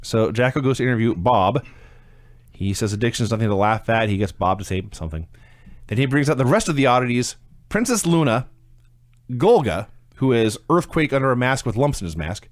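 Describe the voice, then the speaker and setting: Podcast cohost guy walking through old wrestling shows, deadpan jokes, dry close sound. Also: medium pitch, moderate pace, dry recording. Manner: matter-of-fact recapper, dry humor. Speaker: podcast co-host. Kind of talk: casual chat recapping wrestling.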